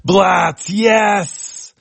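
A man putting on a small robot mouse with a high voice, blunt and cross, its arms crossed. The voice is dry and close, as in a comic read aloud. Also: very animated, moderate pace, slightly rough, dry recording. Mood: eager. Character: grumpy little robot mouse.

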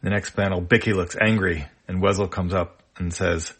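A man reads a comic strip aloud, panel by panel. His voice is fairly low and his narration plain and steady, with small fillers. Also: normal speed, hardly any pauses. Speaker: comic reader.

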